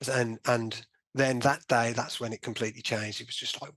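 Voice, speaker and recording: An interview guest recounts a personal story in an animated way, acting out what he and the doctors said and often saying "you know." His pitch is medium and his pace brisk, with few pauses, in a dry recording.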